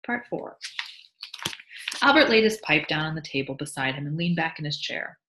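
A woman librarian reading a short story aloud for students in a calm, measured way. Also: low voice. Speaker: school librarian. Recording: echoey room.

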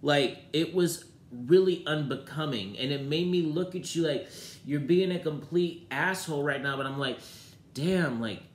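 A man giving a casual, sassy and profane review of a reality TV episode, swinging from low muttering to loud outbursts. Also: normal speed, roomy sound.

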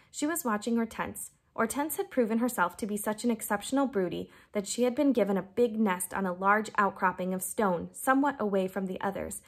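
Woman reading a children's novel aloud. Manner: lifts her pitch for quoted lines. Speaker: reader.

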